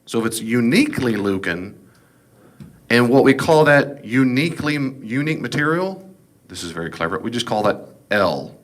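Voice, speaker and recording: A man's voice: mid-range voice, expressive, moderate pace. A man teaching an informal Bible class, folksy and digressive with joking asides.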